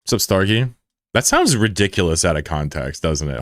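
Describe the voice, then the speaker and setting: A man hosts a live stream in casual chat, teasing viewers with crude, joking banter. His voice sits low, and the sound is close and dry with no room echo. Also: big pitch swings, moderate pace.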